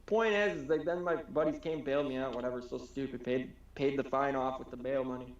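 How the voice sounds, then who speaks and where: Speaking fairly quickly with a mid-range voice and fairly even intonation, a Wisconsin man rambles through a story as co-host of a laid-back podcast. He swears without restraint and performs the lines of people he quotes, recorded at home in a roomy, somewhat dull space.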